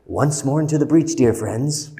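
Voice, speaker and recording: A man's voice: mid-range voice, dark tone, pitched above the performer's own voice, natural voice. A man doing a blunt fatherly therapist. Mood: earnest. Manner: retelling a film scene, quick emphatic delivery. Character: weary middle-aged male therapist, blunt, fatherly. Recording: roomy hall with long reverb.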